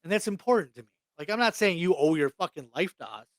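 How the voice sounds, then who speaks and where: On a dry recording, a young adult man co-hosting a podcast rants bluntly at a quick pace. His voice is high and animated, and he swears freely in the casual chat.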